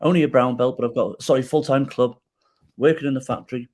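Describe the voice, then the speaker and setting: A man's voice: medium pitch, fast talker. Middle-aged man telling his life story. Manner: animated, frequent restarts, self-deprecating jokes; gets emotional telling the story. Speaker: guest. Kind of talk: personal storytelling in a podcast interview.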